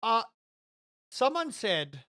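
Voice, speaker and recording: A gaming streamer chatting casually with viewers while playing, rambling and swearing, with sudden high outbursts. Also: extremely slow, no room sound, clean studio sound. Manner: animated, rambling, swears, jumps to high shouts.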